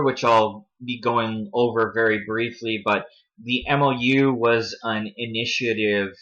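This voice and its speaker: A man with a low, forceful, bright-edged voice talks through his subject in a casual commentary. He rambles, backtracks and trips over names. The recording sounds dull and lo-fi. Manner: rambling, self-correcting, stumbles over names. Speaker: commentary video host. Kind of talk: casual commentary over read-out web pages.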